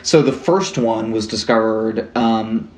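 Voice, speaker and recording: A man's voice: on the low side, takes it slowly, a little mellow, reverberant. A young man co-hosting a podcast, telling a true-crime story in casual chat, rambling with lots of "like" and casual swearing. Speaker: podcast co-host.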